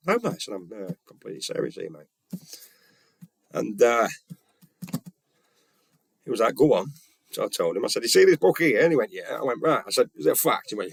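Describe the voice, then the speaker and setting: Man, casual storytelling, earnest, gravelly, dry. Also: medium pitch, very animated, normal speed, long pauses, no echo. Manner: retells conversations with "I went, he went", blunt and earnest. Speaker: vlogger.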